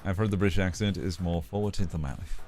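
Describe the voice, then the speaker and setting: A man's voice: sits low, fast, a little mellow, faint music behind. A man streaming live and chatting casually, laughing often while reading chat aloud and swearing now and then. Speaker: streamer and animator.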